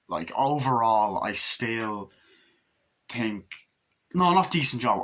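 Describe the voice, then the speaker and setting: A man's voice: on the low side, lively intonation, takes it slowly, long pauses, fairly bright tone. A young man in his twenties giving a casual, rambling film review, retelling scenes by mimicking the dialogue and swearing casually. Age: 20s. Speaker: movie reviewer.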